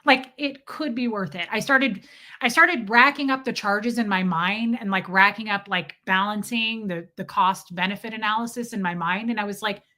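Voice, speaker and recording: A woman hosting a livestream, telling an animated, profane, comic story and greeting her viewers in a casual way. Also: mid-range voice, moderate pace. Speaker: livestream host.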